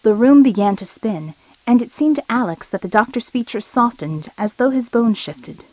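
A woman reading an audiobook story in a steady, measured narration. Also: fairly high pitch, dry recording, rough recording.

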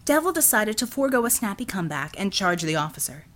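A woman giving a steady, measured scripted audiobook narration. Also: mid-range voice.

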